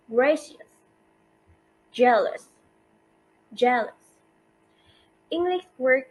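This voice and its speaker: A woman presents a lesson on word stress, reading her script with care and the odd grammar slip. Her voice sits fairly high and moves at a slow, deliberate pace. A faint wash of room ambience hangs behind her. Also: slight background noise, low-quality recording. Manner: slow, careful reading with non-native grammar slips. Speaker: student presenter.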